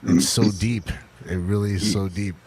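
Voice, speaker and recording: A man's voice: lowish voice, fairly even intonation, moderate pace, darkish tone, husky. A man in a casual chat, laid-back and enthusiastic, sometimes slipping into silly voices.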